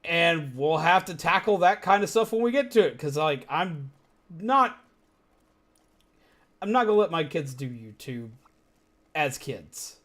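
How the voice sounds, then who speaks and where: A man's voice: fairly high pitch, expressive, a little slow, pauses often, a bit bright. A young man streaming a video game, rambling in casual chat and swearing freely. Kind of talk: casual gaming commentary.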